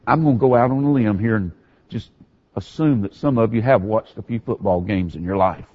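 A male pastor preaching a sermon, telling the story with animated swings from hushed to raised delivery. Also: fairly low pitch, a little fast, muffled recording.

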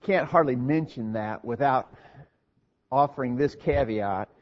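A man's voice: mid-range voice, measured pace, long reverb tail. Earnest preacher man, lo-fi church recording. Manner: earnest, emphatic, asks the congregation rhetorical questions. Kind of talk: sermon.

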